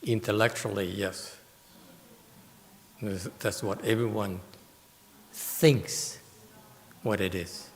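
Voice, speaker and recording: Slow, gravelly male Buddhist teacher lecturing in a reverberant hall; deliberate, emphatic delivery. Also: fairly low pitch, fairly even intonation, a little hiss or hum. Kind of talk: Dharma lecture with questions. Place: meditation hall.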